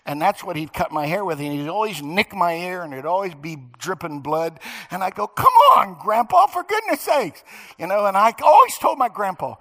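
A middle-aged or older pastor preaches a sermon in a voice on the high side, moving fairly quickly. He tells stories animatedly, swinging from loud emphasis down to near-whispers.

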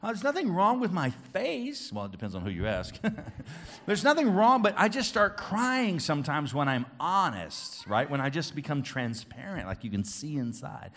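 Animated man leading children's church. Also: normal speed. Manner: booming and playful with the kids, dropping to soft and earnest. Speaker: children's pastor. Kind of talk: lively children's church sermon.

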